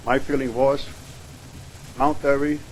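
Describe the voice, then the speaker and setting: A man's voice: mid-range voice, level tone, measured pace, slight background noise, poor audio. A man giving aggrieved, insistent testimony at a public hearing. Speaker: public commenter. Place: hearing room.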